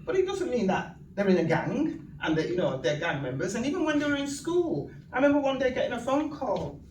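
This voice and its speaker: A woman with a Northern English accent telling personal stories as a speaker at an event, animated, laughing often and acting out quoted speech. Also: fairly high pitch, brisk. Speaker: guest speaker. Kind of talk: personal storytelling talk at an event. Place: event venue hall. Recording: echoey hall, mic from far off, noisy.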